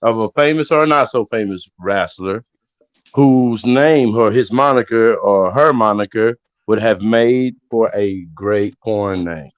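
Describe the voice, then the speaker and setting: A man hosting a casual wrestling podcast, steering the talk with relaxed questions. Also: fairly low pitch, lo-fi sound. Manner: slow, laid-back, asks questions to steer the talk. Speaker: podcast host.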